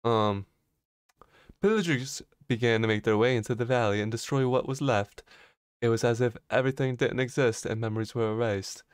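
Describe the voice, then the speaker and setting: A man's voice: medium pitch, normal speed, clean tone, no echo, studio quality. A young man streaming a video game, giggling as he reads lore aloud in a made-up accent to friends. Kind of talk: casual gaming stream chat. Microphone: close desk microphone.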